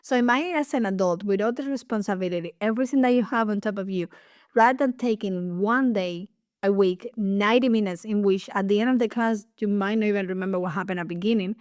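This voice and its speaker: A woman with a Cuban accent, a ballet teacher co-hosting a casual podcast chat, animated and laughing often. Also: medium pitch, fast, dry recording, studio quality.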